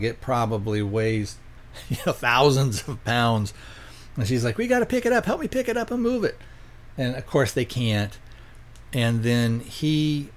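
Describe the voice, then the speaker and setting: A man hosting a podcast, retelling a film's plot in a loose, rambling way, full of fillers and offhand paraphrased quotes. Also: mid-range voice. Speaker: podcast host reviewing films. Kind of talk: casual plot recap.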